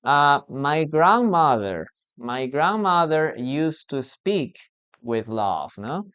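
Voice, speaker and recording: English teacher, live online class, talks real slow, drills words over and over. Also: mid-range voice, sing-song, fairly bright tone, smooth, lo-fi sound. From Peru. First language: Spanish. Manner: repetitive, drills pronunciation, asks the class questions.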